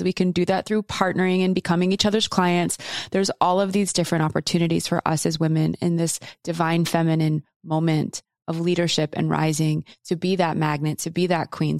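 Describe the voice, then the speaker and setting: Woman, low voice, podcast host, earnest, emphatic, dry close recording. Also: darkish tone, dry recording. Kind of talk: heartfelt conversation.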